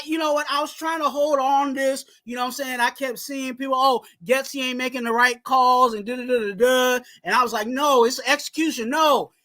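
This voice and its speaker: Fired-up man ranting about football. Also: very high-pitched. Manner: worked up, shouting at the coaching. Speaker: podcast co-host. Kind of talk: heated sports fan rant.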